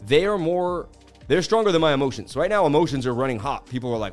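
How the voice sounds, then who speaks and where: A man hosts a live market-analysis stream, talking in a casual, excitable way. His voice sits in an ordinary middle pitch. Faint music plays under him. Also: a little fast. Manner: animated, casual, hype-driven. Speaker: crypto market analyst host.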